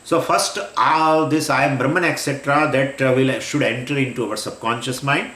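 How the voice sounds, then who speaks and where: A man giving a scriptural lecture, speaking at a middle pitch. He explains patiently, repeating key phrases and pausing with fillers and restarts. The room has a noticeable echo. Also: steady tone, a bit bright. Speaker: Vedanta teacher.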